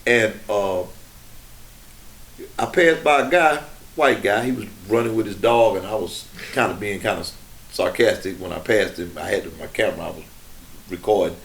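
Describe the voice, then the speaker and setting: A middle-aged man hosting a podcast, telling a story in an unhurried, conversational way with frequent restarts. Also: lowish voice, vocal fry, a little hiss or hum. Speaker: podcast host.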